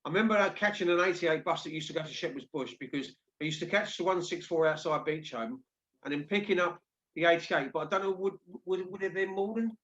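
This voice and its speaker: A man's voice: on the high side, fast talker, fairly bright tone. A man hosting a casual discussion show, talking conversationally with frequent restarts. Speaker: host. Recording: dull lo-fi audio.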